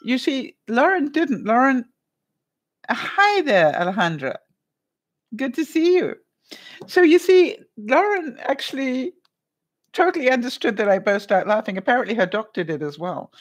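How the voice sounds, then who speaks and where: A woman hosts a casual live stream, chatting with viewers, greeting people in the live chat, and acting out other people's lines while laughing often as she tells a story. Her fairly high voice is sing-song at a normal speed.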